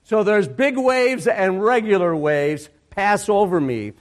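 A male pastor preaching a sermon, reading scripture aloud and repeating key phrases for emphasis. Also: high voice. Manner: slow, deliberate reading of scripture with emphatic repetition.

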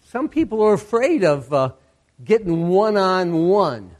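A male pastor with a high, sing-song voice of darkish tone preaches a sermon. He reads scripture slowly and deliberately, repeating key phrases for emphasis.

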